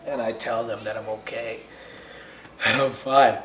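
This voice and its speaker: A man's voice: medium pitch, fairly even intonation, unhurried, slight background noise. A man delivering a rambling, conversational spoken-word rant over a music track. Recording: roomy echo over loud music.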